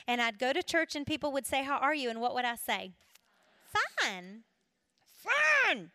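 A middle-aged woman from South Carolina, giving an emotional testimony sermon to women, dropping to a hush and then rising again. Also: high-pitched, fast. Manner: emotional, swings from hushed to raised and cracking. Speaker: women's ministry speaker.

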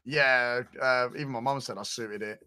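A man's voice: medium pitch, fairly even intonation, normal speed, pushed and bright, smooth. A young man, chatting and joking casually with his stream co-host. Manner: joking, teasing, rambling.

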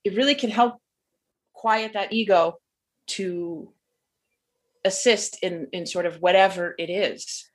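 A woman's voice: mid-range voice, takes it slowly, pauses often. A woman co-hosting a casual podcast chat, talking in an earnest, reflective way and often trailing off mid-thought. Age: adult with a young daughter. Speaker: podcast co-host.

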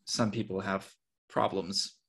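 Husky-voiced American man, frank storyteller. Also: low voice, takes it slowly. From United States. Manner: frank and animated, acting out quoted people. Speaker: podcast guest, author and publisher. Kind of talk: casual interview talk.

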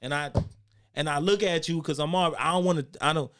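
A young man co-hosting a podcast, telling stories in a loud, animated, cursing way. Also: a little high, brisk, smooth. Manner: animated storytelling, swears a lot, gets loud when riled. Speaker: podcast co-host. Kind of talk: casual chat.

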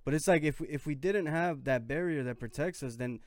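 A man's voice: on the high side, fairly quick, no echo. A man hosting a podcast, musing thoughtfully in a loose, casual way. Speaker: podcast host. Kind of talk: reflective casual chat.

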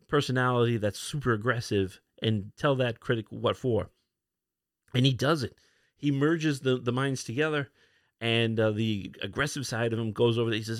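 A man hosting a podcast alone, casually retelling comic book issues, with many fillers and quick put-on lines for the characters. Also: medium pitch, no room sound, clean studio sound. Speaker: podcast host.

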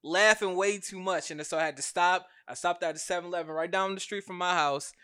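A man's voice: sits high, fairly even intonation, a little fast, pushed and bright, clear, resonant tone. A man co-hosting a podcast in loose, casual chat, laughing easily and swearing freely. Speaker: podcast co-host.

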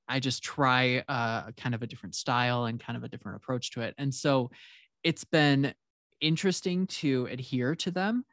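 A man talking casually about co-writing and editing, relaxed and hesitant, with many fillers and restarts. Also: medium pitch, no echo, clean studio sound. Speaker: co-writer and editor. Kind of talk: casual podcast conversation.

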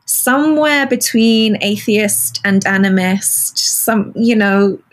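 A woman hosting an interview, asking questions and reflecting on her own upbringing in a thoughtful way, with pauses. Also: medium pitch. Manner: reflective, pausing. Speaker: interviewer, podcast host.

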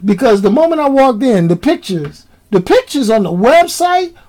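A woman's voice: a little high, big pitch swings, moderate pace, mellow, low-quality recording. A woman vlogging in a casual rant. She is emphatic, uses slang and repeats her key lines.

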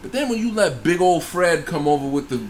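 A man's voice: on the high side, brisk, slight background noise. A man casually telling a personal story in a group chat, swearing freely and acting out the voices of the people in it. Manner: profane, animated retelling with acted-out quotes.

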